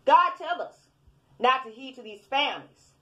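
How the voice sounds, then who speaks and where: A woman's voice: high voice, animated, moderate pace, a bit bright, lo-fi sound. A woman preaching in a fiery, scolding rant at her online commenters, repeating her points. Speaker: self-styled preacher.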